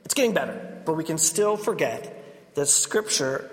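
A man's voice: a little high, lively intonation, a little slow. A man, a Catholic priest, preaching a sermon and telling stories with laughing asides. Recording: reverberant hall.

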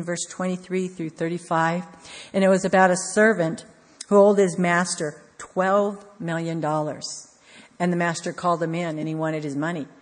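A woman preaching an earnest, measured devotional sermon with repeated emphasis. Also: on the low side. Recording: long hall reverb.

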